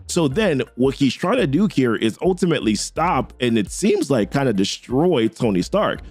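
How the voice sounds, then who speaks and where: A man's voice: mid-range voice, moderate pace, few pauses, slightly rough, soft background music. A man casually recapping a comic book story in a slangy, conversational way. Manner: slangy, conversational, lively delivery.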